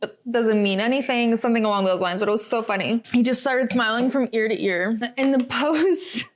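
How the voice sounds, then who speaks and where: A young woman with a slightly high voice hosts a casual podcast recap. She talks eagerly and informally, piling on fillers as she goes. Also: fairly quick. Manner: chatty, enthusiastic, lots of fillers. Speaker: podcast host. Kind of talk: casual race recap chat.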